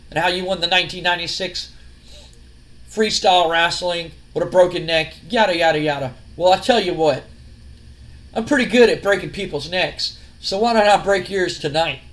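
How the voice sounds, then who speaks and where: A man's voice: sits high, close to an everyday voice. Sneering arrogant wrestler dude, man putting it on, taunting, dismissive.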